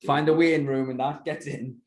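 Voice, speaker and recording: A man's voice: mid-range voice, fairly even intonation, a little fast, crowd noise. A man, a podcast guest telling a rambling fight story in casual chat, swearing constantly. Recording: roomy echo.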